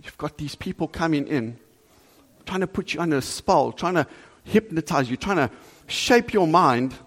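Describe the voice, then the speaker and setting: Guy preaching to his church, slightly high voice, keeps asking the room questions, long echo off the hall. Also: moderate pace. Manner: earnest, animated preaching with rhetorical questions. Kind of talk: sermon. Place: church hall before a congregation. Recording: long reverb of a large hall.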